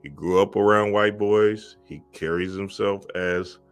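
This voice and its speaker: A man's voice: lowish voice, steady tone, unhurried, clear, resonant tone, faint music behind. A man talking in a casual, emphatic monologue, often asking "you feel me" and acting out quoted voices. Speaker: spiritual content creator.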